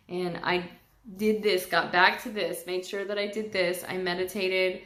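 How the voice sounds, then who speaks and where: A woman's voice: lowish voice, flat delivery, measured pace, a bit bright. A woman talking casually and candidly in a personal vlog, getting emotional and swearing freely. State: tearful at times. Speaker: vlogger. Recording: echoey room.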